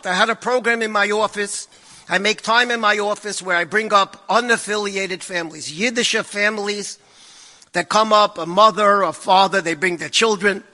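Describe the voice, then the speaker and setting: A man telling stories to an audience in an animated way, repeating phrases and dropping Yiddish and Hebrew words. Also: sits high, normal speed, in a large hall, soft background music. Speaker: guest speaker telling stories. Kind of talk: storytelling talk to an audience.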